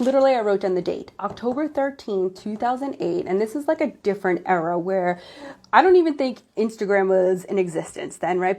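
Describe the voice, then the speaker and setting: Excitable woman hosting a live stream. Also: mid-range voice. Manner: excitable, gushing, tripping over words. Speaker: host, women's empowerment coach. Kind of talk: casual live-stream chat. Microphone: phone or laptop live stream.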